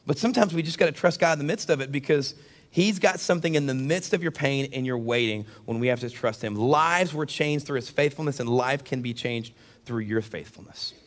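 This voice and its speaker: Fast-talking, animated man preaching. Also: medium pitch. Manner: animated, jokey storyteller who addresses the congregation. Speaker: pastor. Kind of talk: sermon with comic storytelling.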